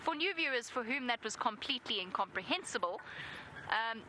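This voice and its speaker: A woman's voice: a little high, lively intonation, a little fast, bright, forceful tone, a little hiss or hum, rough recording. A South African woman giving live safari commentary from an open vehicle outdoors, chatty and self-deprecating. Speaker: safari guide.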